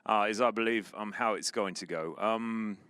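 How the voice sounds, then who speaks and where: A man's voice: on the low side, moderate pace, a bit bright, smooth, no room sound. A man casting an esports match, mixing play-by-play with dry, mock-formal banter. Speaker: esports caster. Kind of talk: play-by-play commentary.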